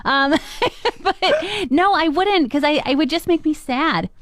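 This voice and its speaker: Woman radio co-host, bubbly banter, very lively pitch. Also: measured pace, dry recording, studio quality. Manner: giggly, playful and self-deprecating. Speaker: radio morning show co-host. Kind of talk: casual on-air banter.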